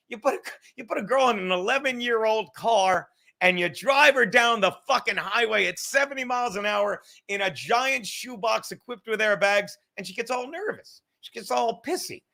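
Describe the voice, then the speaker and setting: Sitting at a desk mic for his livestream podcast, a man chats in a loose, casual way, joking with viewers and cursing as he rambles. His voice is high and bright, with some vocal fry.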